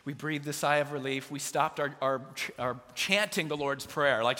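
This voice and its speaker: A man in his thirties preaching in a large church sanctuary, his bright voice sitting a little high. He tells stories with playful asides and acts out bits of dialogue. A long reverb trails behind his words. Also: steady tone, normal speed, few pauses. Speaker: pastor. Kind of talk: sermon.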